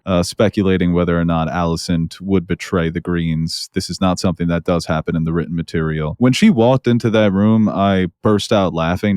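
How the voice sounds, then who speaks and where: A man with a low, deep voice co-hosts a podcast review in casual chat. He gets animated and laughs as he mocks scenes. The sound is dry and close, with no room echo. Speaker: podcast co-host.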